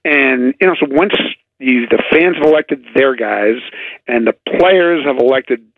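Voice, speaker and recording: Male baseball writer, radio guest, gravelly tone, dry phone-line sound, chatty and halting. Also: medium pitch, no room sound. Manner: chatty, halting, sarcastic asides. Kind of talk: casual radio sports chat.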